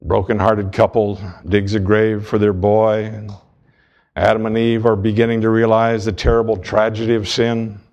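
Earnest preaching man, low voice. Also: level tone, moderate pace, darkish tone. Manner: earnest, storytelling with emphatic repetition. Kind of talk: sermon.

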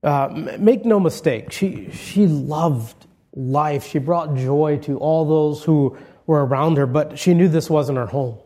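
A man with a fairly high but mellow, soft-edged voice, preaching a funeral sermon from a church. He tells anecdotes in a relaxed, conversational way, often restarting his sentences, and brings in light humor. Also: takes it slowly. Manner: conversational storytelling with warm humor and frequent restarts. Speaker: pastor. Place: church sanctuary.

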